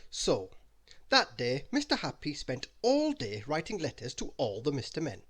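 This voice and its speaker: A man reading a children's bedtime story aloud in an animated, expressive way. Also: a little high, moderate pace, slightly rough.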